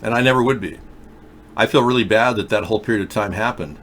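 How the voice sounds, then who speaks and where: A man's voice: on the low side, fast talker, fairly bright tone, slight background noise. A man hosting a live call-in talk show, rambling and conspiratorial as he talks to callers. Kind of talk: rambling live-stream commentary.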